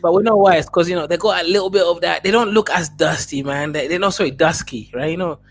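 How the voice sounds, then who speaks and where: A man's voice: high-pitched, fast, a little hiss or hum. A man from Nigeria hosting a casual group chat, joking and boastful in banter. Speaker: host.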